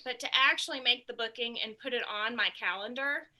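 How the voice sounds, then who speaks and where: Bright, bubbly woman sharing tips. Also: on the high side, fairly quick. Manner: bubbly, laughs often, thinks aloud with ums. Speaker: sales consultant giving booking tips. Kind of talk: casual group chat on a video call.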